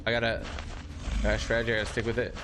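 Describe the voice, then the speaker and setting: A young man giving excitable live commentary while playing a video game, yelping when startled. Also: fairly low pitch, rapid-fire. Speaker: gaming streamer. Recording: loud game noise behind voice. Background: game sound effects.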